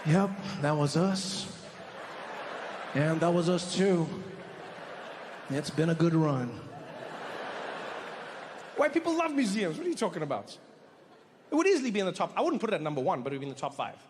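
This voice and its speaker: A man doing stand-up storytelling on stage into a handheld mic, animated and breaking into quick voices for the people in his stories. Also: a little high, big-room sound, noisy background. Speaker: stand-up comedian.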